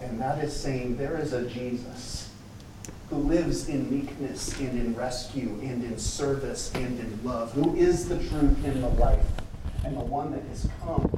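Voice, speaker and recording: A man's voice: mid-range voice, unhurried, background noise. A man preaching a sermon in a conversational way, with casual asides to the congregation. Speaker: pastor. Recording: echoey hall, mic at a distance.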